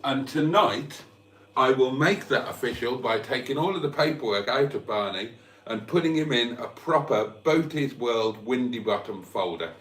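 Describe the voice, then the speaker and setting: A man's voice: medium pitch, animated, moderate pace, a bit bright, recorded from a distance. Hungover guy lisping away at home, chatty n self-mocking, echoey room. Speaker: vlogger. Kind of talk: casual live chat. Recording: roomy, off-mic.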